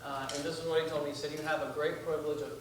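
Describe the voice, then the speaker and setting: A man's voice: a little high, little pitch movement, very fast. A young man, preaching as a visiting missionary in a folksy, self-deprecating way, with many fillers and restarts. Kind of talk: sermon with casual asides. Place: church sanctuary. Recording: echoey church from far off, noisy.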